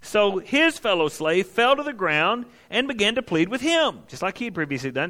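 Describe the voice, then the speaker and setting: A man's voice: sits high, sing-song, normal speed, hardly any pauses, bright, forceful tone. A man preaching a conversational sermon, asking his listeners questions and acting out the quotes he tells. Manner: folksy, asks the congregation questions, acts out quotes.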